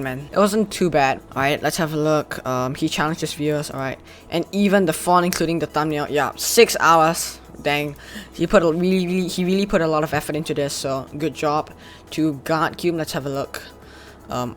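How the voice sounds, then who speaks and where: A man's voice: a little high, a bit bright. Chatty young man reacting eagerly. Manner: enthusiastic, chatty, praising. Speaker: channel host judging a giveaway. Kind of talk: casual reaction commentary.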